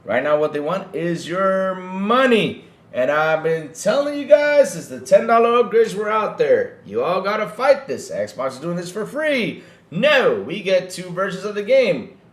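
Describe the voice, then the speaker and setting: A man's voice: high voice, very animated, measured pace, roomy sound. A man hosting a livestream podcast, ranting heatedly to his chat and often repeating himself. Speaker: podcast host.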